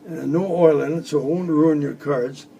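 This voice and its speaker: Gravelly old man telling jokes. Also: fairly high pitch, fairly even intonation, moderate pace, dark tone, highs cut off, slight background noise. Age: 80s. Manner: joking, rambling storyteller. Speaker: magician. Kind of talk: casual chat with demonstrations. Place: his home.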